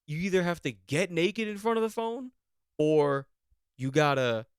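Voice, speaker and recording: A man's voice: medium pitch, smooth, no echo, clean studio sound. A young man hosting a podcast in casual chat, rambling, repeating himself and swearing. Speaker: podcast host.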